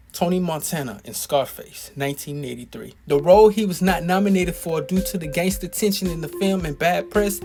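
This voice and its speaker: A man's voice: on the high side, vocal fry. A man narrating a tribute video in an earnest, admiring scripted way. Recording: narration over loud music.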